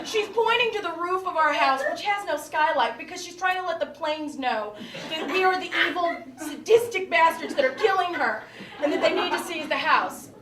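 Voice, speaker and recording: A woman comedian telling a comic family story in an animated way, acting out relatives' voices. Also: extremely high pitch, moderate pace. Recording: live stage, far mic, echoey, noisy crowd.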